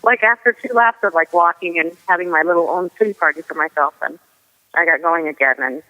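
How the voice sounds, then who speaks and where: A woman's voice: on the low side, a little fast, bright, forceful tone. A woman guest telling a race story in a chatty way, full of "like" and "you know". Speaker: guest ultrarunner. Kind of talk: casual storytelling. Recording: tinny phone line with long reverb.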